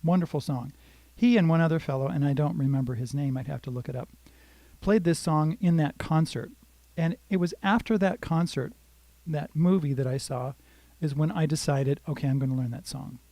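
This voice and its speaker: A man's voice: on the high side, normal speed, dark tone, no echo. An older man giving a casual, rambling guitar lesson on a live stream. He greets viewers by name and talks them through strumming patterns. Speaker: guitar teacher.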